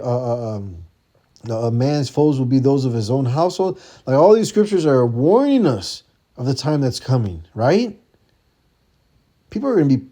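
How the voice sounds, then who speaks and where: A man with a Chicago accent and a deep, warm, mellow tone, teaching scripture in an unpolished, profane street style. He keeps checking in with "all right?" and "man," and slows right down to read each verse with weight. His pitch sits at an ordinary middle. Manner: reads scripture verses slowly and deliberately.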